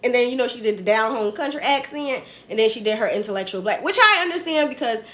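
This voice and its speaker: A woman's voice: on the high side, animated, quick pace, pushed and bright. A young adult woman with a New Jersey accent, hosting a casual political commentary livestream in a chatty, slangy, rambling way. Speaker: host.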